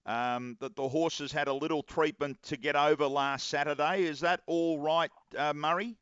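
A man hosting a live radio interview, relaxed and chatty with his guest. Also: a little high, moderate pace, clean tone, no room sound, muffled recording. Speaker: radio racing show host.

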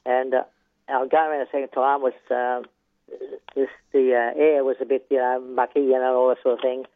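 A man's voice: medium pitch, flat delivery, fairly quick. An older Australian man, a retired horse trainer, telling rambling racing stories with chuckles and a constant "yeah". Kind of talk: casual storytelling interview. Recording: tinny phone line.

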